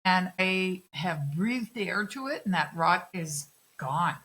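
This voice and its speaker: Middle-aged woman telling her stories in a chat, animated, swears a lot, does the voices. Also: fairly low pitch, slow, rough recording. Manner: animated, swears freely, acts out quoted voices. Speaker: guest. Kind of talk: candid conversational storytelling.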